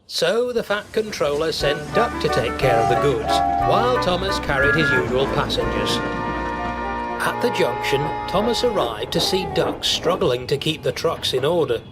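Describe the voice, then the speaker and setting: A man giving an expressive, measured storybook narration. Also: on the high side. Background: music.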